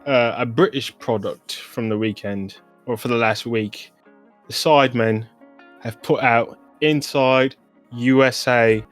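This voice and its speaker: A man's voice: medium pitch, fairly even intonation, measured pace, faint music behind. A man with an American accent co-hosting a casual sports podcast. He rambles in a laid-back way and keeps saying "bro.". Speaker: podcast co-host.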